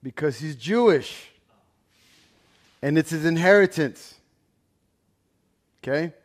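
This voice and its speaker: A man's voice: a little high, lively intonation, slow pace. A young man teaching a Bible study in a casual, conversational way, explaining scripture with everyday examples and asides. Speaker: pastor.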